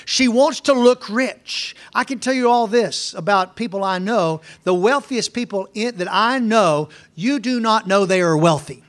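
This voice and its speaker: A man's voice: high-pitched, moderate pace, hardly any pauses, a bit bright. A minister in his sixties telling folksy stories in a sermon, talking in a repetitive, emphatic way. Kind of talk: storytelling sermon.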